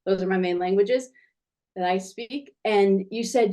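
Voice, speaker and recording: A woman's voice: mid-range voice, measured pace, warm tone. Enthusiastic woman teacher in her forties. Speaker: guest, children's language teacher. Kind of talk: casual video interview.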